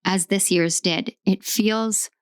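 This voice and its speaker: Slow, emphatic woman reading tarot. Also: mid-range voice, steady tone, smooth, no echo, studio quality. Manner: slow, emphatic, repetitive affirmations. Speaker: tarot reader.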